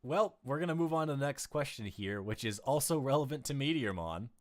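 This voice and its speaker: A male game master talking casually about his tabletop campaign, his pitch swinging widely as he laughs at his own mistakes. He keeps things loose and self-mocking. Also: lively intonation, fairly quick.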